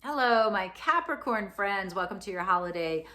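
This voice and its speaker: A woman's voice: medium pitch, animated, normal speed, pushed and bright. A woman astrologer giving a casual spoken forecast, chatty, with many fillers and "right?" asides.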